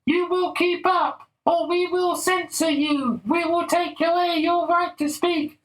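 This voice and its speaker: A man putting on a high, slow, mocking voice of a preachy, bossy male scold. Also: fairly even intonation, fairly bright tone, rough recording.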